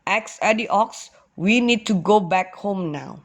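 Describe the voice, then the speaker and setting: A woman voicing a kind, gentle father ox in a children's storybook, speaking slowly. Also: medium pitch, lively intonation.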